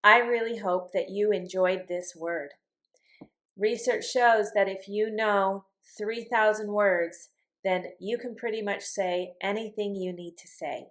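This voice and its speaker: A woman teaching an English vocabulary lesson, explaining words patiently and clearly with slow, deliberate examples. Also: medium pitch, fairly even intonation, low-quality recording.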